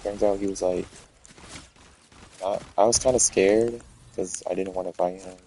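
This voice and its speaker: A man's voice: sits low, steady tone, moderate pace, warm tone, slight background noise, poor audio. A man telling a rambling, profane story in a casual rant.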